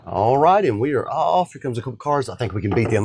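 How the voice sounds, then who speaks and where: Brief: easygoing man, mid-pitched, chatty DIY garage vlogger who jokes with his viewers. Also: very animated, fast, gravelly, a little mellow, a little hiss or hum. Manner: joking, laid-back, talks to viewers as guys. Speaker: DIY truck builder. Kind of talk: casual how-to vlog.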